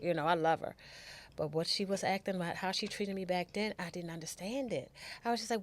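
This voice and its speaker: Candid woman telling her story, lower-pitched. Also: brisk. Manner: candid, emotional, repeats words, acts out quotes. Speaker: podcast guest storyteller. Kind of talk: emotional personal storytelling.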